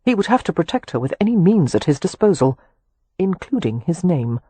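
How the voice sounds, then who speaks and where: A woman narrates a period romance audiobook in a measured, even voice with a slight husk. The recording is close and dry. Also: on the low side, husky, no echo. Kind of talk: scripted narration.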